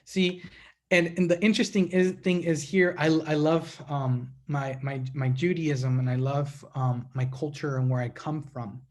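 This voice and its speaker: A man giving a speech to a congregation as a guest speaker, telling stories in an animated way and calling the audience his friends. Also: fairly high pitch, unhurried.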